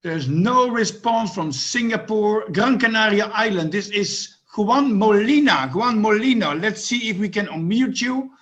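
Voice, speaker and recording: A man with a high voice co-hosts an online webinar. He gives brisk, practical instructions. He is heard through a video call mic. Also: a bit bright. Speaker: webinar co-host.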